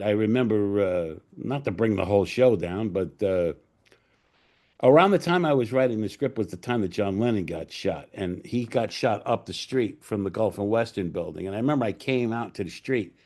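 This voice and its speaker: A man's voice: fairly low pitch, a little mellow. Rambling older male storyteller. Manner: rambling, profane, many fillers and restarts. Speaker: screenwriter and director, guest. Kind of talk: casual anecdotal storytelling.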